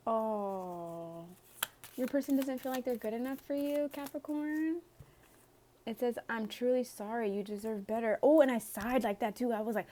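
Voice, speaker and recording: A woman's voice: on the high side, unhurried, dark tone. Chatty woman doing a tarot reading, sighs n laughs a lot, bit of faint noise. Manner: chatty, sighs and laughs often, reads cards aloud. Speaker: tarot reader.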